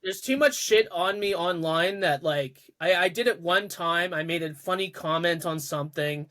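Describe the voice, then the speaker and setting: A man's voice: high voice, moderate pace, pushed and bright. A man co-hosting a podcast, telling a sheepish, wry story about himself. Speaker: podcast co-host. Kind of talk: casual podcast chat.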